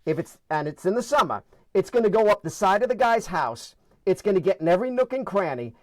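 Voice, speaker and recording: New york guy telling stories, high voice, dry close sound, acts out all the voices. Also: fast, dry recording. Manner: animated, acts out voices in anecdotes. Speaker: guest storyteller. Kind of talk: casual storytelling.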